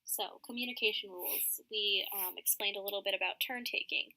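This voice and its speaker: Young woman presenter with a sharp, bright voice, steady mid pitch, reading class slides aloud. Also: a little fast, low-quality recording. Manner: reads from slides with frequent ums.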